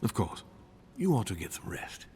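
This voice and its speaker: Scheming courtly lord. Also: male voice, fairly low pitch, very animated, moderate pace, creaky, dark tone, slightly rough, full character voice. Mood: persuasive. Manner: persuasive, courteous, calculating. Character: smooth, scheming aristocrat lord hosting a conference. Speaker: game character, castle host lord.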